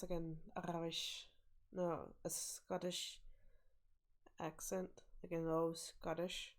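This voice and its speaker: Relaxed woman streamer commenting. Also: fairly low pitch, takes it slowly. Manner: relaxed, chatty asides. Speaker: game streamer. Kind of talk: casual gameplay commentary.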